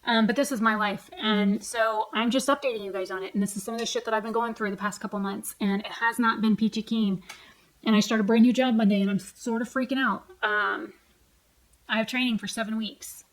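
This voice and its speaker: A woman's voice: fairly high pitch, fairly even intonation, brisk, poor audio. A woman, venting at home in a casual vlog rant. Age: 40s. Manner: angry, profane, heated retelling. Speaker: vlogger. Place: home, at night, seated on a stool.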